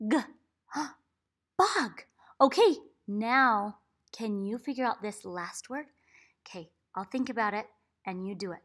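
A woman teaching young children to read, sounding out letters one by one and cheering them on with big, animated praise. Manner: big excited praise, gasps and swoops up in pitch. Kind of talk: read-aloud phonics lesson for kids.

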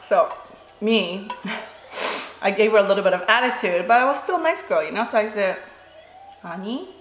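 A woman's voice: medium pitch, moderate pace. Chatty Korean-born woman telling a story. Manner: chatty, full of "you know" and "like". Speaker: vlogger. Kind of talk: casual storytelling during a mukbang. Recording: roomy room with faint background noise.

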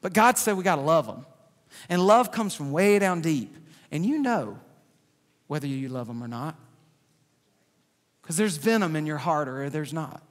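A man preaching a sermon in a church, animated and joking, with loud outbursts. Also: fairly high pitch, normal speed, pauses often. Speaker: pastor. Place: large church sanctuary. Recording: reverberant church hall.

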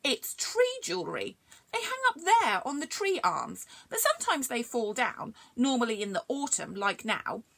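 A woman's voice: fairly high pitch, big pitch swings, moderate pace, gravelly, a bit bright, voice pushed up, full character voice. A woman voicing a playful, talkative young male cat in a storybook reading. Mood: chatty. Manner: giggly, talkative, explaining.

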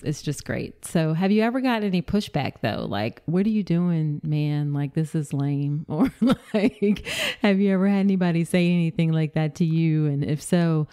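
A woman with a notably low voice hosts a podcast conversation. She affirms her guest warmly in words and then asks open, easygoing questions. Her delivery is casual and conversational. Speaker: podcast host.

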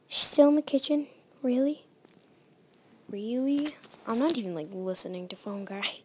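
A young woman plays a horror game and talks through it, her voice high and breathy. She talks slowly and nervously, often sinking into a whisper. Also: a little mellow. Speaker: let's play gamer.

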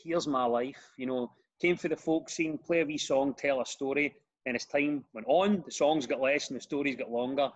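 A man with a Glaswegian accent, a comedian and radio presenter, telling stories in a casual podcast chat with lively restarts. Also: medium pitch, moderate pace, lo-fi sound. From Glasgow, Scotland. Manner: animated storyteller with frequent restarts.

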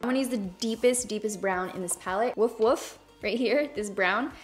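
Young woman vlogger, excitable and chatty, mid-range voice, casual tutorial delivery. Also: mid-range voice, moderate pace, over music. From Hispanic background, speaks without Spanish accent. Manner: bubbly, enthusiastic, chatty. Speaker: beauty YouTuber. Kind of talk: makeup tutorial talk.

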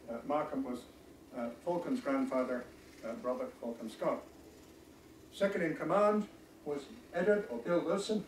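A man giving a history lecture with slides, halting often with ums and restarts. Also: on the high side, slight background noise. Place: lecture room. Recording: echoey room, voice from far off.

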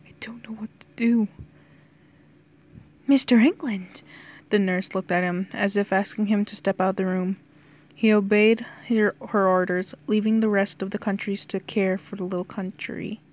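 A woman's voice: medium pitch, level tone, moderate pace. A woman casually reading a fan fiction chapter aloud as narrator. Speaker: fanfiction reader.

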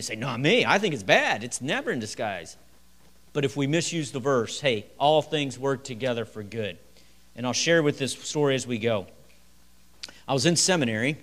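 A middle-aged male pastor preaching a midweek sermon in a church, telling stories with acted-out quotes and chuckles. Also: medium pitch. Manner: lively, storytelling delivery with chuckles and acted quotes. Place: church sanctuary.

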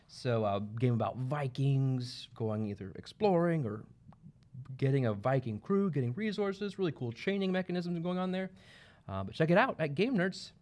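A man's voice: medium pitch, lively intonation, moderate pace, a little mellow. A man co-hosting a game store livestream in casual chat, laid-back and joking, with plenty of fillers.

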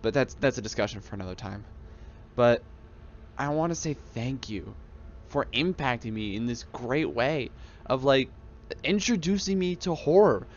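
Speaking at a moderate pace with lively intonation and a medium pitch, a young YouTube gamer muses casually and reflectively about games he loves. He's rambling and enthusiastic, frequently restarting sentences, and his headset recording is muffled with a little background noise.

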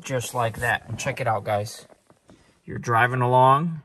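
A man's voice: medium pitch, steady tone, slow pace, a bit bright. A man hosting a casual car tutorial vlog, chatty and sarcastic, with lots of ums. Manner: sarcastic, joking; chatty with many fillers. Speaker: car channel host.

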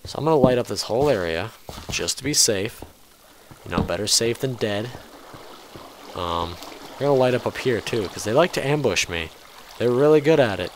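A man with a somewhat low voice talks through a game as he plays, easily startled and scolding the game out loud. His chat is casual and he swears now and then. There is a steady hiss of noise under the voice from an amateur recording. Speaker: let's play host. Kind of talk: casual gameplay commentary.

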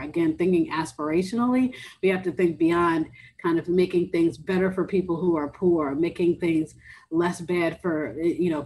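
Fast-talking woman at a policy briefing. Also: sits low, a little mellow, slight background noise, poor audio. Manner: fast, with many restarts and fillers. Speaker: briefing speaker.

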